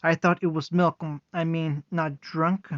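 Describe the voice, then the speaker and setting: A man's voice: fairly high pitch, flat delivery, unhurried, no room sound, lightly acted. A man voicing a tipsy, cheerful young huntress girl who hiccups and giggles, in a muffled lo-fi recording. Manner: giggly, slurring.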